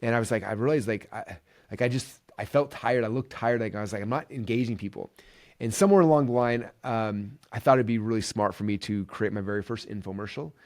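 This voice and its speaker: Man, podcast host, quick delivery, casual storytelling, enthusiastic, lots of fillers. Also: fairly low pitch. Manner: energetic, enthusiastic, many fillers like "like" and "right".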